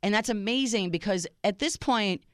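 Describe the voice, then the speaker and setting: A woman co-hosting a casual dating-advice show, animated, jumping high in pitch when she acts out quotes. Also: moderate pace, dry recording, studio quality. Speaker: co-host. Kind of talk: casual podcast chat.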